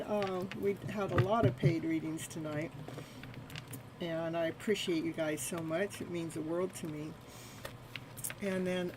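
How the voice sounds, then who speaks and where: A woman's voice: mid-range voice, slow pace, slight background noise, low-quality recording. A woman hosting a live tarot stream, repeating soothing spiritual phrases and chatting with viewers between cards. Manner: laughs often and chats with viewers.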